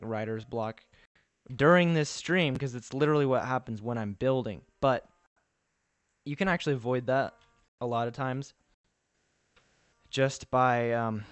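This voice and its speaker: A man's voice: mid-range voice, clean tone, dry recording. A man chatting casually on a live stream while he builds, thinking aloud with restarts and answering his viewers' messages.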